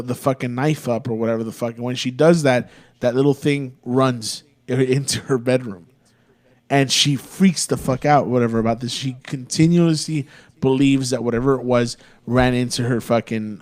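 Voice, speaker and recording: A young man, a podcast co-host, spins a rambling and profane story in a laid-back, casual voice. His pitch sits in a normal middle range. He comes across as easygoing and unhurried. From Texas.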